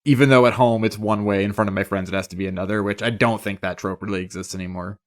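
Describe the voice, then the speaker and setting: A man co-hosting a podcast, chatting in an animated, joking way and swearing casually. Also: lowish voice, fast. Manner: animated, swears, jokes, bursts of enthusiasm. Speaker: podcast co-host. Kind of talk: casual chat.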